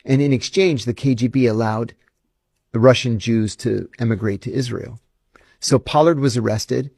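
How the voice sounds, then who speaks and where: Gravelly male ex-intelligence officer, emphatic, indignant interview storyteller, dry close sound. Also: medium pitch, normal speed, a little mellow, dry recording.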